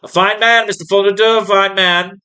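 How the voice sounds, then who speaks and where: A woman's voice: mid-range voice, steady tone, moderate pace, sharp tone, pitched above the performer's own voice, natural voice. A frail old lady chirps sweetly and fawns over everyone she trusts, as a man puts her on. Her voice sits well above the reader's own and wavers along as she praises. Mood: fawning.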